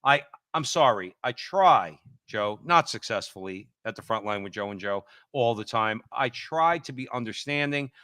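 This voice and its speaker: A man's voice: medium pitch, expressive, normal speed, few pauses, pushed and bright, dry recording, clean studio sound. A man co-hosting a political talk show, heated and emphatic, often repeating himself as he builds his point. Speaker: co-host.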